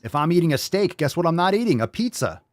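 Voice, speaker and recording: A male podcast host delivers a blunt, profane rant. His pitch swings widely from phrase to phrase. The sound is close and dry, with no room around it. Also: big pitch swings, quick pace, dry recording. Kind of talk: ranting podcast monologue.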